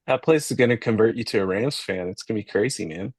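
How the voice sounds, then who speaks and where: A man's voice: lowish voice, fast talker, slightly rough, no echo, clean studio sound. A man joining a podcast as a guest, joking and teasing in casual chat.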